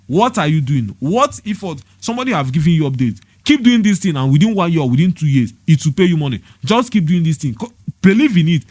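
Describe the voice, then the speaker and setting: A man's voice: a little high, sing-song, fast, a little mellow, dry recording. A young Nigerian man giving a preachy, scolding monologue, hammering the same points with rhetorical questions. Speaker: motivational vlogger.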